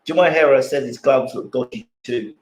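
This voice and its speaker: A man's voice: medium pitch, brisk, roomy sound, rough recording. A man hosting a boxing channel live stream, arguing his points with repeated rhetorical questions and answering chat.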